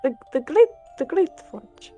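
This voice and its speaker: A woman's voice: sits high, very animated, mellow, soft background music. A woman voicing an emotional male lizard warrior who sobs and stammers through his words. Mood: shaken. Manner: sobbing, halting, stammering.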